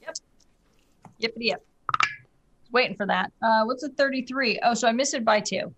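A woman's voice: on the high side, moderate pace, noisy background. A woman playing a tabletop game, blunt and casual. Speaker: player.

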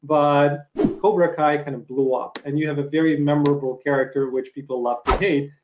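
A middle-aged man hosting an interview show, friendly and halting with lots of fillers. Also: on the high side, steady tone, noisy background. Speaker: show host. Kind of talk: casual interview chat.

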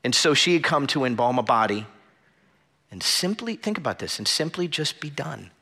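Bright-voiced man preaching a sermon. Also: mid-range voice, sing-song, normal speed, husky. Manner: earnest, conversational preaching with repeated phrases and restarts. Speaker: pastor. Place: church sanctuary with a small audience.

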